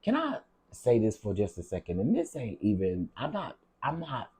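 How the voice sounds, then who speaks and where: Dark husky male livestreamer, chatty. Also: mid-range voice, huge pitch swings, normal speed. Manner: chatty, greets viewers by name, repeats himself; heartfelt, on the edge of tears at times. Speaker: livestream host reading viewer comments. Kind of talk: casual livestream chat.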